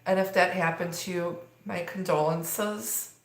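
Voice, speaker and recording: A woman with a slightly low voice gives a live tarot reading. She rambles, leaning on fillers, and her voice rings in an echoey room. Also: steady tone, measured pace. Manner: rambling, filler-heavy delivery. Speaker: tarot reader.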